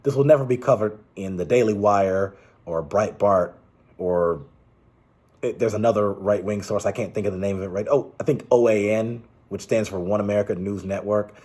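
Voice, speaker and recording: A man's voice: lowish voice, moderate pace, mellow, husky. A man giving casual, rambling political commentary, exasperated and restarting his sentences often.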